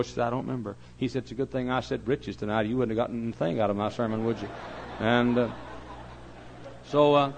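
A man preaching a sermon as pastor, swinging from hushed storytelling to loud hollering. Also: medium pitch, steady tone, fast, gravelly, low-quality recording.

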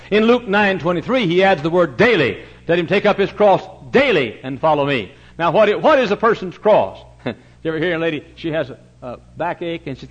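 A man preaching a sermon in a fervent revival style, swinging between loud pleading and hushed, earnest asides. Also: fairly high pitch, expressive, a little fast. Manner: old-fashioned revival preaching cadence. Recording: muffled lo-fi recording.

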